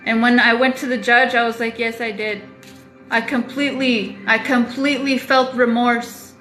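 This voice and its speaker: A woman's voice: fairly high pitch, level tone, moderate pace, a bit bright, echoey room, faint music behind, low-quality recording. A woman talking straight to her viewers in a confessional vlog, emphatic and repeating phrases for weight, with the odd swear. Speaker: vlogger. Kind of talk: confessional talk to camera.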